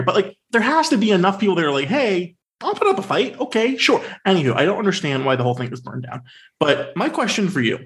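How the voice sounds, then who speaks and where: A man co-hosting a podcast in casual film talk, sarcastic and animated, with many fillers. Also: sits high. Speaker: podcast co-host.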